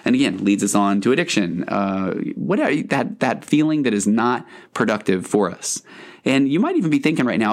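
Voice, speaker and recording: A man's voice: mid-range voice, animated, normal speed. A man hosting a podcast as a counselor, talking in an earnest, conversational and meandering way. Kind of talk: podcast monologue.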